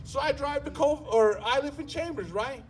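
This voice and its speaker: A man with a high voice telling a stand-up story, swearing freely and jumping into the voices of the people he meets. His delivery is animated and rowdy, loud one moment and drawn out the next. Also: normal speed, distant mic, slight background noise. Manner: profane, animated, acts out characters with voice shifts. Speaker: stand-up comedian.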